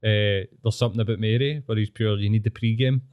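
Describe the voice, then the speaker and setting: A man's voice: fairly low pitch, fairly even intonation, fast talker, clear, resonant tone, no room sound, phone-quality sound. A man with a Scottish accent hosting a podcast, joking and laughing through crude banter. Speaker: podcast host. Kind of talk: casual chat.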